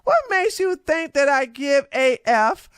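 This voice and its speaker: A woman vlogger reacting to social media replies in a brash, sassy, confrontational way, with loud laughs. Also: sits high, expressive, measured pace, no room sound, studio quality. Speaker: commentary vlogger.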